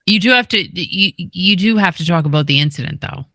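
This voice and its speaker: A woman hosts a casual interview with a bright, forceful voice pitched fairly low. She teases her guest and keeps pushing her to tell the whole story, and her voice is recorded close and dry. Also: lively intonation, fairly quick, creaky, no echo. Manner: teasing, prodding the guest to tell more. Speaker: host.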